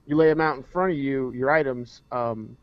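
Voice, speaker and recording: A man's voice: mid-range voice, normal speed. A man co-hosting a casual podcast chat, explaining at length in a rambling, hesitant way. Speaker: podcast co-host. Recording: dry, dull lo-fi recording.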